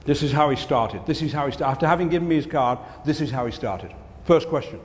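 A man's voice: a little high, lively intonation, fast. Joke-telling man in a big hall. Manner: joke-telling, punchline delivery. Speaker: keynote speaker. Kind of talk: comic business keynote. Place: conference hall. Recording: reverberant hall, faint ambience.

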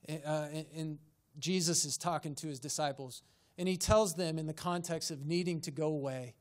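A man, a pastor, preaching a sermon and pressing his congregation with rhetorical questions and rising emphasis in a church sanctuary. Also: fairly high pitch.

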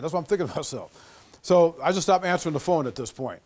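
A man giving a lecture as an animated storyteller, acting out the voices of the people in his anecdote. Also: a little high, fast talker. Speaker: guest lecturer.

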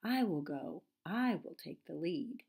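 A woman's voice: on the low side, animated, slow, gravelly, darkish tone, breathy edge, full character voice. A woman voicing a small, eager storybook chickadee that talks in sing-song rhymes.

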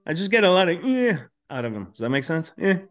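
Relaxed, profane podcast host. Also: male voice, a little high, quick pace, soft background music. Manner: relaxed, profane, enthusiastic about film. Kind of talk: casual podcast chat.

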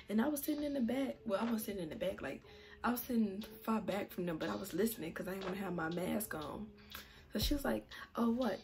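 A woman's voice: mid-range voice, creaky. Chatty young woman telling a story. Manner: chatty and slangy, laughs often. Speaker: vlogger. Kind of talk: casual storytelling. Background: music.

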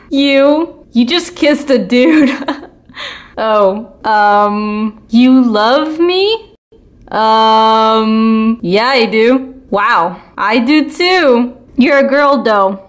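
A woman chatting playfully during gameplay, drawing out her words. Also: a little high. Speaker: gaming YouTuber. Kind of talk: casual gameplay commentary.

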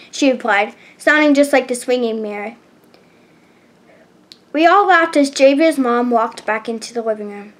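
A woman reading a chapter book aloud, halting and often restarting words. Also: on the high side, animated. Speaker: storybook reader.

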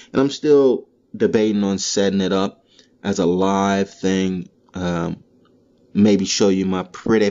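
A man hosting a solo comedy podcast, delivering a profane, animated monologue. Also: low-pitched, highs cut off. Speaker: podcast host. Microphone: solo podcast mic.

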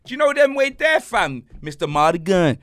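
Loud animated young man. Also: high-pitched, normal speed. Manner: animated, loud, slang-heavy, swings between shouting and muttering. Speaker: podcast co-host. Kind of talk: casual banter.

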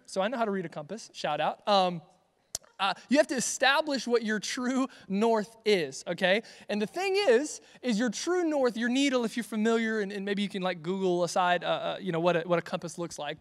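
High-voiced joking young man preaching. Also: big-room sound. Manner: joking, rambling, self-correcting. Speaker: youth pastor. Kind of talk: livestreamed youth sermon.

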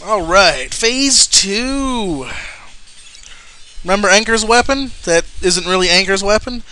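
A man's voice: high-pitched, animated, takes it slowly, pushed and bright, a little hiss or hum. A young man giving casual gameplay commentary, explaining a boss fight and swearing in frustration at the game. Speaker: let's play commentator.

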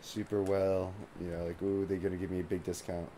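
Mellow-voiced casual male game streamer. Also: low-pitched, little pitch movement, fairly quick, a little hiss or hum. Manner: loose and chatty, swears freely, leans on "like". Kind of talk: casual live gameplay commentary.

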